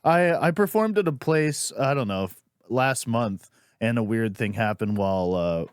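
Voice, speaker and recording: A man who hosts a podcast and does stand-up, telling stories in an animated, profane way and acting out the voices of people he quotes. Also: mid-range voice, moderate pace, smooth, no room sound, studio quality. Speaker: podcast host and stand-up comic. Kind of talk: casual podcast chat.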